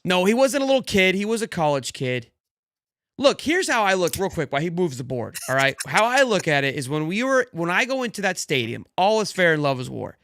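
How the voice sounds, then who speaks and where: Podcast co-host, male, big voice pitched high and swinging wide, brash trash-talker, dry close mic. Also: big pitch swings, fairly quick, dry recording. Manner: loud, boastful trash talk. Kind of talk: casual sports banter.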